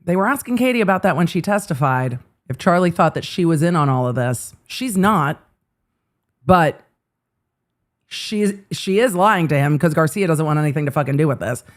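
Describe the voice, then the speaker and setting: A woman's voice: low voice, lively intonation, moderate pace. A woman hosting live trial commentary, reacting with sarcastic, exasperated asides. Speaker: legal commentary host.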